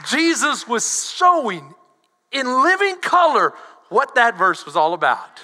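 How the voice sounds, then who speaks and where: A middle-aged man preaches in a very high, piercing voice, building to loud emphatic peaks and then dropping into soft, quiet asides. His words ring out with a long reverb, as if he were in a large church hall. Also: sing-song, slow pace. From Texas. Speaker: pastor. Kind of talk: sermon.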